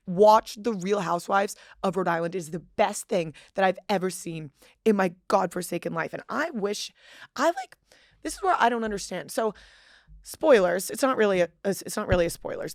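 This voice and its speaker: A woman from Boston hosting a podcast, chatting casually with a co-host, gushing excitably and swearing freely. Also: mid-range voice, no room sound, clean studio sound. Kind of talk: casual chat.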